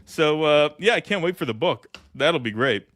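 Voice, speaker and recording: A male podcast co-host with a fairly high voice, joking loosely and laughing often. The sound is dry and close. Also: lively intonation, normal speed, fairly bright tone, no room sound. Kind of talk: casual political commentary.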